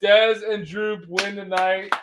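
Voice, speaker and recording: A man hosting a live stream, loud and teasing, quick to laugh and shout. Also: high-pitched, flat delivery, very noisy. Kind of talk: casual banter on a live stream.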